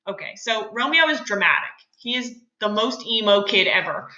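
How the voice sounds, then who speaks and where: A woman's voice: medium pitch, lively intonation, normal speed, hardly any pauses, pushed and bright. A woman teacher talking through a lesson in a casual, chatty way, with joking asides. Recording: roomy echo.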